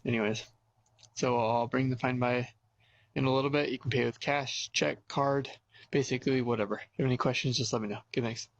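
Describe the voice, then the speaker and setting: Brief: businesslike man, low-key and distant, dry. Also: steady tone, a little fast, dry recording, highs cut off.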